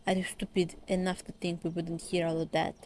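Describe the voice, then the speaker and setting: A woman's voice: on the low side, flat delivery, a little fast, darkish tone, a little hiss or hum, close to an everyday voice. A woman voicing a cocky young male womanizer from a webtoon, speaking in a curt, condescending way. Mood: contemptuous. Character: cocky male college womanizer, cold and confrontational.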